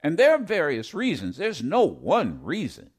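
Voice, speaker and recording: A middle-aged man hosting a call-in radio talk show, his voice slightly hoarse, talking in an emphatic, rambling way with repeated phrases. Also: a little high, huge pitch swings, normal speed.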